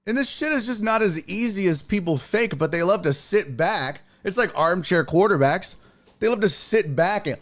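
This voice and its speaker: A man with a fairly high voice that swings all over the place tells a story. He rants in a profane, emphatic way, and his voice sounds a bit congested. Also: expressive, moderate pace, fairly bright tone. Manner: profane, emphatic, fired-up ranting. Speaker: podcast host and stand-up comedian.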